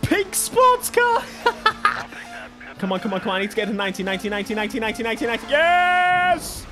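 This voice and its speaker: A young British man giving excitable, joking gameplay commentary with frequent laughter. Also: sits high, very fast. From Britain. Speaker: gaming YouTuber. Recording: music from the game behind.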